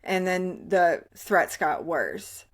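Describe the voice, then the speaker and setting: A woman hosting her own show and telling her personal story in a candid, slow, halting way that often drops quiet. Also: on the low side, big pitch swings. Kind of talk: personal testimony.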